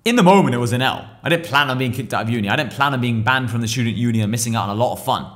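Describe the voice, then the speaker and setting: Fast-talking man in his twenties. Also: medium pitch. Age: 20s. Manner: profane, slangy, animated retelling. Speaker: podcast guest. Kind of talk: casual storytelling.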